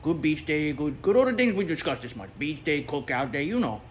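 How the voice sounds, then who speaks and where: Voicing a talkative male toy pup, a man spins a comic story in a chatty, rambling way, repeating words and chuckling at his own jokes. His voice is on the high side, a little fast, with big pitch swings that swoop up and down. A faint room hum sits behind him; he is a storyteller host.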